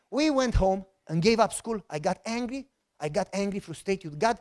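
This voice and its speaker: Man, Romanian accent, middle-aged, pastor, storytelling sermon, animated, joking. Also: high voice, a little slow, long pauses. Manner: animated, jokey, acts out dialogue.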